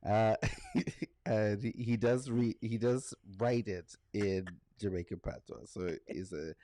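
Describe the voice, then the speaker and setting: A man's voice: on the low side, slow pace, no echo. A middle-aged man co-hosting a podcast in casual chat, laughing often as he talks. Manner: laughs often, lively delivery. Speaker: podcast co-host.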